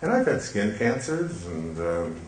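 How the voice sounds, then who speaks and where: Older man, low gentle voice in a hall. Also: big pitch swings. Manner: gentle, reflective, halting with fillers. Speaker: speaker on stage. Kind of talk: storytelling talk. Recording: echoey hall, faint hiss.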